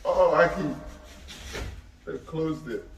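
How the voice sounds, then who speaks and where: Speaking slowly in a slightly high voice, a man on an outdoor street tells the story of a friend's death. His talk is emotional, intense and repetitive as he pleads with listeners he calls Aki, and the recording is echoey and distant, with faint ambience and slight background noise.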